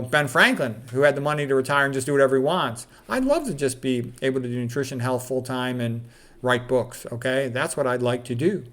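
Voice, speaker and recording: A middle-aged man, a doctor, reading quotes aloud and commenting on them in a candid, casual way with plenty of fillers. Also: medium pitch.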